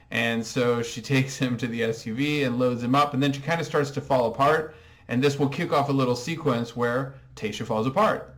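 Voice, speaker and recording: A man's voice: mid-range voice, fairly quick. Dry, sarcastic male recap host. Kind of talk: comedic TV recap monologue.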